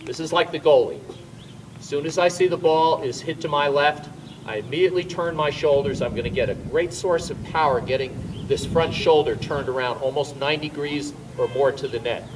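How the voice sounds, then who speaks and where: Recorded from a distance over background noise, this man speaks at a normal speed with a voice on the high side. He's a tennis instructor on an outdoor court, talking through volleys while demonstrating shots and shouting coaching tips in louder bursts as he hits balls.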